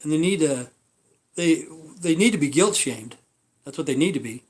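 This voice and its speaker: A man's voice: on the high side, animated, normal speed, darkish tone, husky. A man hosting a livestream, ranting casually in a blunt, profane way with lots of repeated fillers. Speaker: livestream host. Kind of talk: rambling casual rant.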